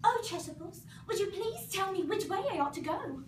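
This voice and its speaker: A woman's voice: very high voice, lively intonation, normal speed, pitched above the performer's own voice. Prim little girl, polite and curious, a young woman doing it; noisy distant room. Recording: echoey room from far off, noisy.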